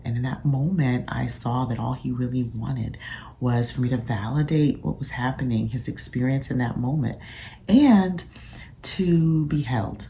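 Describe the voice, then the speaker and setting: A woman, a physician and mother, sharing parenting reflections in a casual vlog, soft-spoken and thoughtful with frequent pauses. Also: extremely low pitch, a little hiss or hum.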